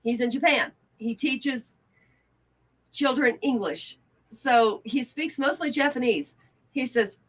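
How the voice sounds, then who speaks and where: A woman co-hosts a relaxed talk show with a somewhat high voice. She banters playfully, in a plain, down-to-earth manner. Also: slow pace, husky. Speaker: co-host. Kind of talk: casual chat.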